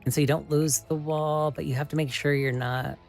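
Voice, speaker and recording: A woman hosting a live stream, chatting casually and excitably with viewers as she builds, often exclaiming and laughing. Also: low voice, fairly quick, faint music behind. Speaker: livestream host.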